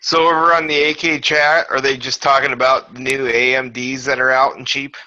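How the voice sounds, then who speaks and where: A man in casual voice chat, talking in a calm, matter-of-fact way. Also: mid-range voice, moderate pace. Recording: dull lo-fi mic.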